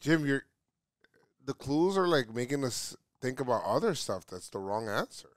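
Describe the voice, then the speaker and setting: A man's voice: medium pitch, sing-song, normal speed, dry recording, studio quality. A man co-hosting, chatting casually and second-guessing the others while playing a geography game. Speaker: podcast co-host.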